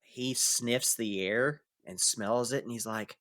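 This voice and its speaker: A man's voice: medium pitch, takes it slowly, fairly bright tone. A man narrating as game master of a tabletop game, casual and hesitant with fillers.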